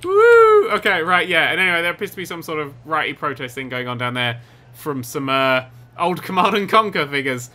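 A man commentating over a video game he is playing, excitable and sarcastic, swearing often. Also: fairly high pitch, brisk. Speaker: gaming commentator. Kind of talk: let's play commentary.

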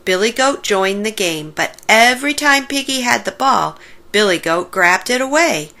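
A woman reading a children's picture book aloud, slowly and expressively. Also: mid-range voice. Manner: slow, warm-paced expressive reading. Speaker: storybook reader. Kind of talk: children's story read-aloud.

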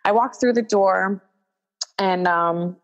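A young woman talks through a backstage story as an interview guest. She is lively and casual and slips into the voices of the people she quotes. Her "like" fillers run all through it, and her pitch sits mid-range for a woman. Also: slow pace, muffled recording. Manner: animated, acts out quoted dialogue, many "like" fillers. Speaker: guest, wrestler.

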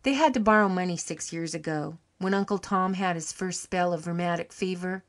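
A woman reading an audiobook, voicing a cheery, warm-hearted country farm wife with a folksy rustic dialect. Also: on the low side, moderate pace, close to an everyday voice. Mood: sorrowful.

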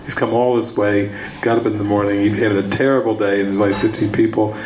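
A man's voice: lowish voice, quick pace, echoey room, a little hiss or hum, low-quality recording. A man, a spiritual teacher, telling a rambling story in a retreat teaching talk, repeating himself as he goes. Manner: rambling, repeating words, breaks into excited shouted quotes. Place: retreat session room.

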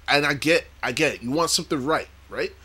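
A man's voice: fairly high pitch, brisk, pushed and bright, breathy edge. A man hosting a YouTube reaction video, chatting casually and laughing often.

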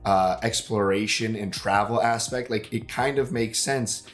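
A man's voice: lowish voice, fairly even intonation, a little slow, soft background music. A man with a sick, congested voice chatting casually as a co-host of a movie reaction, rambling with lots of fillers and casual swearing. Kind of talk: casual chat.

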